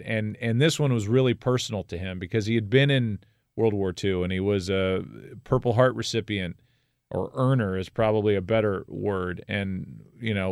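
A middle-aged man with a smooth, resonant, fairly low voice tells a personal story as a guest. He is reflective and candid, with a wry edge, in a dry, close sound. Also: a little mellow, dry recording.

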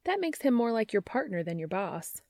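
In a read-aloud story, a woman voices a brash young barmaid, teasing and blunt. Her very animated, darkish voice is pitched above her own but stays close to everyday speech, at a moderate pace in a dry, clean studio recording.

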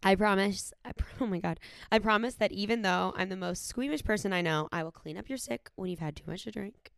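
A woman's voice: medium pitch, brisk, creaky, smooth, no room sound, studio quality. A woman in her thirties, a podcast co-host, reading her wedding vows aloud in a tender, sincere way.

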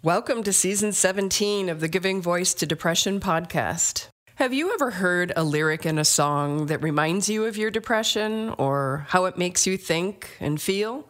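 A woman co-hosting a podcast, giving a measured, earnest scripted introduction. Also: lowish voice, a bit bright. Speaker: podcast co-host.

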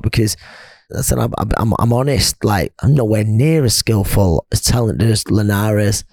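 A retired boxer, guesting on a casual podcast interview, tells stories chattily in a darkish-toned voice. He acts out the friends he quotes in a higher, laughing voice. The recording is dry and studio-clean.

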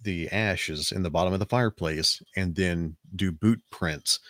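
A man's voice: low voice, unhurried, fairly bright tone, dry recording, studio quality. A man from the American South with a Southern accent, telling a rambling family story in casual chat, with frequent restarts. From Alabama, US South.

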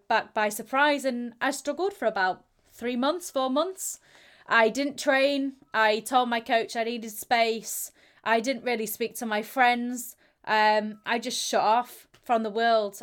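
A young woman, an athlete being interviewed, speaking candidly and acting out the voices of people she quotes. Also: a little high. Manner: animated, acts out quoted voices, laughs readily. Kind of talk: candid conversational storytelling.

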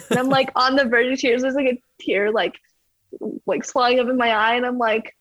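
A woman's voice: a little high, little pitch movement, moderate pace, fairly bright tone, dry recording, poor audio. A young woman from Canada, a ski jumper, chatting casually in an interview and filling her talk with "like". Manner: chatty, fills speech with "like".

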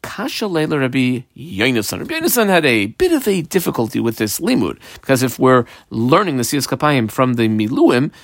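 Guy teaching talmud, sing-songy lively voice, slows down on the text then talks fast explaining, dry close sound. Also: medium pitch, dry recording. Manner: reads Aramaic phrases slowly and sing-song, then translates quickly in English; conversational explaining with fillers. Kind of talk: line-by-line Talmud study lesson.

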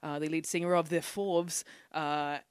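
A woman in her thirties, a comedian co-hosting a podcast, telling stories in a lively, self-mocking way and acting out quotes. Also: sits low, a little slow, smooth, dry recording. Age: 30s. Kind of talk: casual storytelling chat.

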